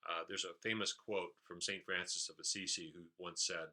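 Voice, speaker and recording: Sharp-toned, low-pitched male trainer. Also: normal speed. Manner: explanatory, steady, with frequent "uh" fillers. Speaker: leadership trainer. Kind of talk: recap of a training session.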